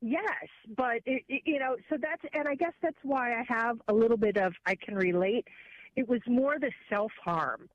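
A woman calling in to a radio talk show, speaking haltingly with many restarts. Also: fairly high pitch. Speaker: caller. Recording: phone line.

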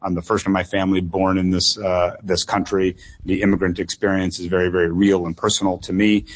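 A man's voice: low-pitched, flat delivery, a little fast. A young man, a candidate answering questions in a call-in radio interview, earnest and full of fillers and repeated words. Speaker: political candidate, guest.

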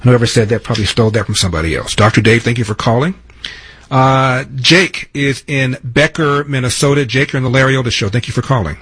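A man's voice: medium pitch, fast, fairly bright tone, slightly rough, no room sound, low-quality recording. A man in his seventies hosting a radio call-in show, telling stories and arguing his points with emphasis. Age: 70s. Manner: storytelling, emphatic, argumentative. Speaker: radio talk show host. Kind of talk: talk radio monologue and call-in.

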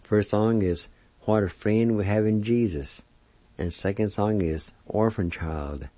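A man's voice: lowish voice, measured pace, warm tone, no echo. A man giving a recorded language lesson, spelling words out letter by letter and sounding them out one syllable at a time. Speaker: language teacher. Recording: dull lo-fi recording.

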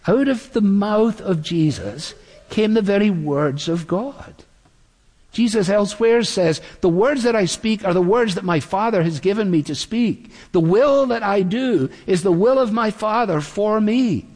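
A man preaching an earnest expository sermon. He slows down when he quotes scripture. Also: high-pitched, animated, darkish tone, big-room sound.

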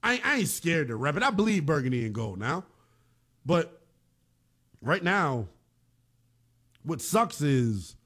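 A man's voice: on the high side, breathy edge. A man hosting a sports talk show, giving emphatic, opinionated commentary while sounding emotionally shaken. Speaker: sports radio host.

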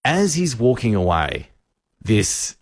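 A man hosting a radio show, telling an animated anecdote. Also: lowish voice, slow pace, no echo, clean studio sound. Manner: animated storyteller.

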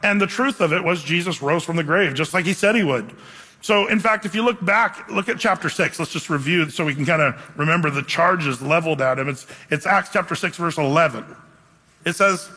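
A male pastor preaching a sermon, telling a self-deprecating story in an animated way before moving into scripture. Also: a little high, fairly quick, long reverb tail.

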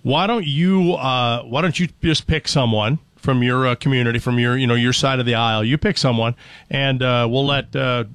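A man chatting casually in an animated, jokey way, slipping into playful accents. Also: mid-range voice, normal speed, no echo. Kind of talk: casual chat with playful impressions.

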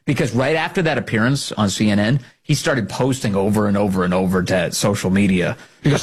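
A man's voice: on the low side, animated, fairly quick, few pauses, slightly rough. A man hosting a talk radio show, giving opinionated, sarcastic commentary and mocking others in put-on voices.

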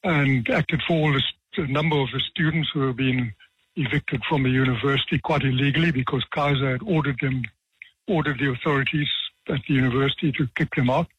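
A man in his seventies, a retired judge from South Africa, tells stories from his career with dry, self-deprecating humor and measured pauses. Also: mid-range voice, fairly even intonation, slightly rough. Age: 70s. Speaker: retired judge, author guest. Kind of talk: relaxed anecdotal storytelling. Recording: dull, dry radio sound.

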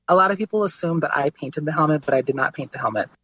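A man being interviewed as a guest artist, telling his story in a relaxed, casual way, often saying "like" and "you know". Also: on the high side, fast talker, husky, rough recording.

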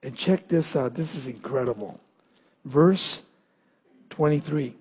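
A male pastor preaching a sermon, asking the crowd questions and answering them with emphatic, drawn-out pauses. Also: mid-range voice, breathy edge, in a large hall.

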